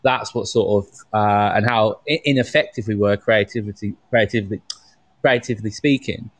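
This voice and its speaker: A man co-hosting a casual chat, thinking aloud with many halting restarts. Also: lowish voice, no echo. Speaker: podcast co-host.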